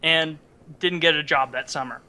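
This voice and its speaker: A young man in his twenties telling a story on a casual podcast, with a high voice and a bright, sharp tone. He tells it in an animated way and chuckles often between lines. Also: moderate pace. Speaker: podcast co-host.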